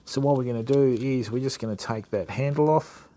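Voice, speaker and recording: Matey Australian man, mellow voice. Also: mid-range voice, fairly quick. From Western Australia. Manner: casual, matey, chats to viewers while working. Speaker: fishing channel host. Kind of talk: live-stream reel maintenance demo.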